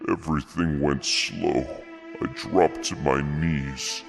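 A man narrating an absurd horror story in a deadpan comedic style. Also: a bass voice, gravelly, over music. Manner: deadpan, slow.

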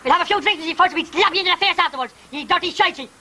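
A man's voice: very high-pitched, very fast, bright, forceful tone, low-quality recording. An Irish man issuing a taunting, aggressive recorded fight challenge, hurling insults. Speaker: bare-knuckle fight challenger.

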